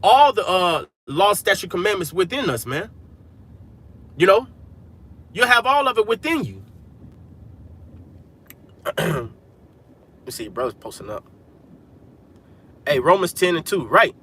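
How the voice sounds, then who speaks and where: Inside a vehicle, a man preaches casually and emphatically to his livestream viewers, sprinkling in "man" and "hey." He takes his time and pauses often, his high voice swinging widely in pitch, fairly bright with a breathy edge.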